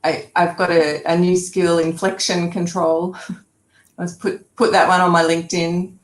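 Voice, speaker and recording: A woman's voice: fairly low pitch, flat delivery, normal speed. Laughing Australian woman in an echoey room. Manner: jokey, laughs between remarks. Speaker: guest, speech pathologist and comedian. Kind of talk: casual chat.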